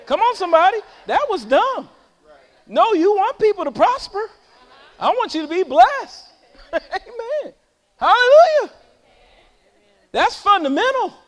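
A man preaching a sermon as pastor to his church, calling out to the congregation and swinging between loud high calls and low quiet talk. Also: sing-song, unhurried, in a large hall. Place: church sanctuary.

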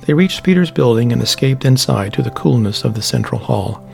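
A man reading a novel aloud as narrator, in measured, steady storytelling. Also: medium pitch, gravelly. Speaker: audiobook narrator. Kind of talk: scripted narration. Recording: faint background music.

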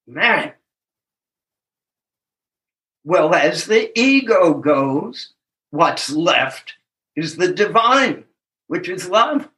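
A slow-paced older man sharing his recovery story at a meeting, reflective and earnest. His voice sits high for a man and sounds bright and clear. He leans on key words and chuckles at himself now and then. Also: sing-song. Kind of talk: personal recovery testimony.

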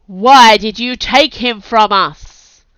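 A woman's voice: fairly high pitch, a bit bright, clean tone, dry recording, pitched above the performer's own voice. A woman voicing a cold, imperious princess. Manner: slow and deliberate. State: has a cold. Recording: dull, dry audio.

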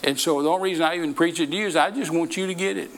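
A man's voice: fairly high pitch, racing, background noise. An older man preaching a sermon in a folksy, repetitive way, often restarting his sentences. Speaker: traveling preacher.

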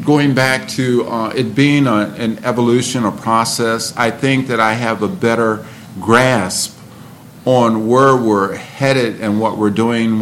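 A man who is a poet, performing spoken word poetry with a slow, rhythmic delivery and talking about his writing. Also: lowish voice, a little hiss or hum.

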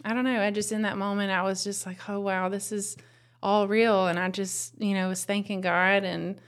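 A new mother who is the host's wife shares her faith story as a casual personal testimony, tender, reflective, and full of fillers. Her mid-range voice holds a level tone at a normal speed.

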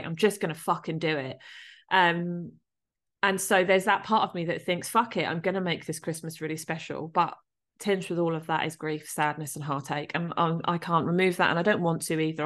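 A woman's voice: lowish voice, a bit bright. Frank, sweary woman. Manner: frank, sweary, self-mocking humour. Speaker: podcast guest. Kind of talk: candid personal podcast talk.

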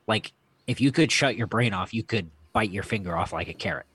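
A man's voice: on the low side, brisk, fairly bright tone, husky. A man from the US South co-hosting a comic book podcast, chatting in a laid-back, easygoing way. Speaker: podcast co-host. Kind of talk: casual comic book chat.

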